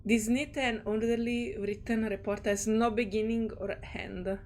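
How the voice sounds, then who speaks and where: A woman's voice: fairly high pitch, steady tone, unhurried, darkish tone, slight background noise. A woman streamer reading game text aloud and reacting in a chatty, giggly way. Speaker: gaming streamer.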